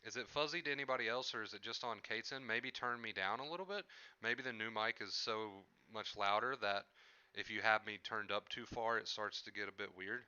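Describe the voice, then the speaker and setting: A man's voice: on the low side, fairly quick, bright, forceful tone, smooth, dry recording, muffled recording. A man streaming live from home, chatting casually with his viewers into a headset mic and often repeating himself. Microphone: headset microphone.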